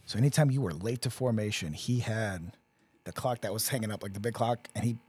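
A man's voice: fairly low pitch, a little fast, slightly rough, no echo. A man co-hosting a casual podcast, telling profane army stories and acting out the people in them. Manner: profane, animated storyteller acting out quotes. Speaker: podcast co-host. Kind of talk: casual storytelling chat.

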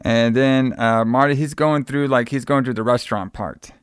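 A man's voice: medium pitch, fairly even intonation, moderate pace, clean tone, no room sound, studio quality. A man on a podcast recapping a movie in casual chat, rambling and repeating words as he acts out bits of dialogue. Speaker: podcast co-host.

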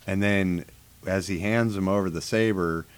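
Male, casual friend chat; blunt, profane, animated opinions. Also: deep voice, normal speed, clean tone.

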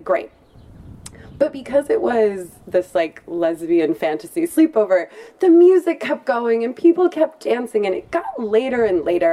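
A woman's voice: mid-range voice, dark tone, a little hiss or hum. A woman telling a funny personal story at a live storytelling event, chatty and playful, often laughing as she talks.

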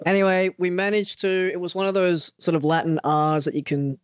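Lively storytelling man, dry close sound. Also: on the high side, a little fast, hardly any pauses, no echo. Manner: animated, acts out quoted voices. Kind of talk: casual storytelling chat.

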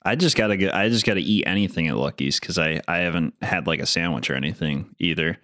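A man co-hosting a casual chat, talking in an easygoing, relaxed way. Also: sits low, fast, no echo, clean studio sound. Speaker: podcast co-host.

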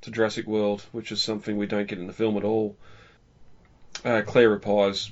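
A man's voice: fairly low pitch, little pitch movement, normal speed. A man co-hosting a podcast, chatting casually and rambling with restarts. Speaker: podcast co-host. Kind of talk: casual film discussion. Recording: dull lo-fi audio.

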